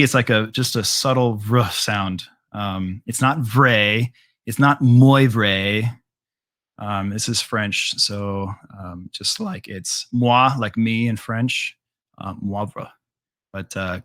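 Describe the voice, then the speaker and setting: A man's voice: lowish voice, a bit bright. Casual male math teacher lecturing class. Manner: casual, filler-heavy explaining with frequent ums and all rights.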